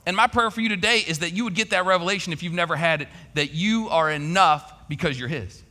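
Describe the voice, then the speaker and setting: A man's voice: high voice, fast talker, pushed and bright, long reverb tail. A man preaching a sermon, telling a personal story in a folksy, conversational way. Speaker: pastor.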